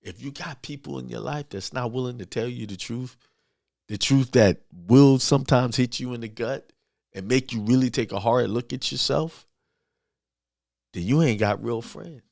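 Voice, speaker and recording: A man's voice: mid-range voice, normal speed, gravelly, a little mellow, dry recording, studio quality. A man giving an informal motivational sermon, talking bluntly and emphatically, often repeating himself. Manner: emphatic, repetitive, talks straight and blunt. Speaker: spiritual speaker.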